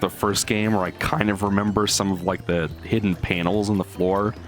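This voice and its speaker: A man's voice: lowish voice, flat delivery, normal speed. A young man casually commentating his gameplay, rambling and explaining game details. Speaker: let's play host. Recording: faint game music behind.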